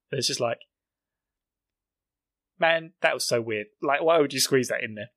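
A young British man hosts a casual podcast recap. He talks in a sarcastic, rambling way, full of jokes and asides. His voice sits at an ordinary middle pitch, and the recording is dry and close with no room sound. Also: moderate pace, long pauses, a bit bright, no echo. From Britain. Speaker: podcast host.

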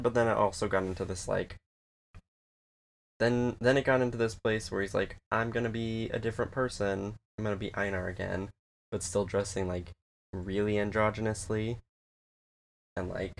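Low creaky guy rambling about a movie, swears a lot, does little voices for the characters. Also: slight background noise. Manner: rambling, profane, laughing, quoting film scenes in little voices. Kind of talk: casual chat.

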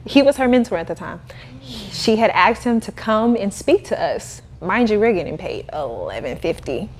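Animated woman telling her story. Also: medium pitch, moderate pace, a little hiss or hum. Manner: animated, laughing, acts out quoted voices. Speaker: podcast guest, cleaning business owner. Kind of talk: casual storytelling interview.

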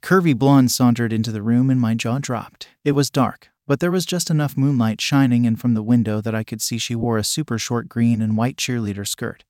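A man reading a first-person story aloud at a steady, measured pace. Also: medium pitch, no echo, studio quality. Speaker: narrator.

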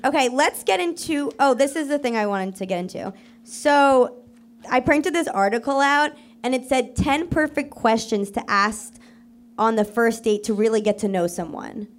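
A young woman co-hosting a live comedy podcast, quick and teasing, often acting out quotes with laughs. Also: on the high side. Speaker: podcast co-host. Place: live show in front of an audience.

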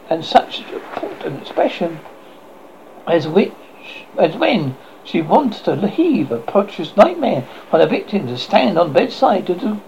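Horror host guy reading a story, gravelly voice, lively pitch, stumbles some, muffled lo-fi audio. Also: a little hiss or hum. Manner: expressive, stumbles and restarts. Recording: muffled lo-fi recording.

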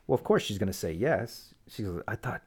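With a fairly low, slightly rough voice moving fairly quickly, a young guest describes a family conflict in casual chat. He tells it with animation, giving each quoted person their own voice.

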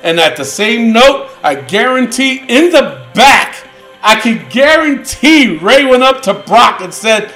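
High-pitched, gravelly male host, loud profane rants, very lively. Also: takes it slowly, soft background music, low-quality recording. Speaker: podcast host. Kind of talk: casual wrestling podcast chat.

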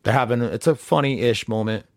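A man's voice: medium pitch, moderate pace, vocal fry, dry recording, clean studio sound. A young man co-hosting a podcast, chatting casually and profanely about a movie and acting out character lines. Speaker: podcast co-host. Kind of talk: casual movie review chat.

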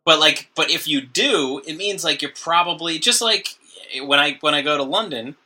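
Man, podcast co-host, laughing banter, bright tense tone. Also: on the high side, normal speed. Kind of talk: casual chat.

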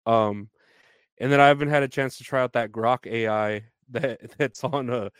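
A man's voice: mid-range voice, fairly even intonation, normal speed, clear, resonant tone, no room sound. A man hosting a casual solo podcast, rambling loosely with many fillers and frequent laughs. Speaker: podcast host.

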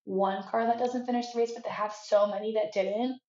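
A young woman co-hosting a casual sports podcast, excitable and playfully teasing. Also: a little high, a little fast. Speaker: podcast co-host. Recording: echoey room, dull lo-fi audio.

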